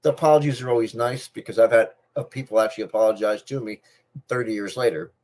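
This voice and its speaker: In a fairly low, darkish voice, a middle-aged man speaks fast as he hosts his channel, chatting casually about personal matters to the camera. He has a speech difference, not a stutter, and he keeps repeating and restarting phrases.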